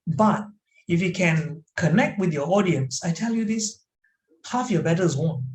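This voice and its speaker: A man with a Malaysian English accent giving an online training talk, animated and emphatic, asking his audience questions as he goes. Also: high voice, normal speed. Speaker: corporate trainer. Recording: roomy echo.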